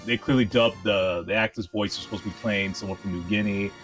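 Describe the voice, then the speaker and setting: Low-voiced man calmly critiquing a film. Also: fast, soft background music. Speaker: co-host. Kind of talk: casual movie discussion.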